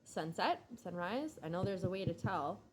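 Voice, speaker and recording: A woman's voice: on the low side, big pitch swings, slight background noise. A woman giving a casual tarot reading, musing and hesitant, drowsy and yawning. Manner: slow, musing, hesitant with many ums and likes. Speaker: tarot reader.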